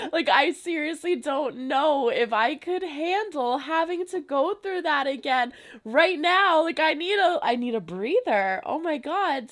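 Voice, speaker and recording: A woman's voice: sits high, fairly bright tone. Gushing young woman reacting to a show. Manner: gushing, effusive, frequent "like" fillers. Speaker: reaction channel host. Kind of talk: casual reaction commentary.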